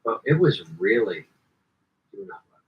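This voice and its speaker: A man's voice: a little slow, slightly rough. Guy telling showbiz stories on a podcast, voice jumps all over, bit muffled. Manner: animated, acts out quotes in jumps of pitch; swears casually, laughs often. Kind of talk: casual chat, storytelling.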